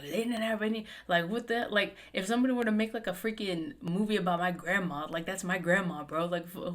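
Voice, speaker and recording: A woman's voice: lowish voice, fairly bright tone. Emphatic, swearing young woman podcaster. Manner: emphatic, swears a lot, many fillers. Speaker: podcast host. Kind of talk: casual chat.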